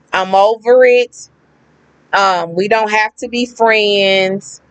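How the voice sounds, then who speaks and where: A woman telling a personal story to the camera in a casual, animated way, acting out what others said and repeating words for emphasis. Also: medium pitch, poor audio. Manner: animated, acts out quoted people, emphatic repetition; slangy, conversational. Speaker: vlogger.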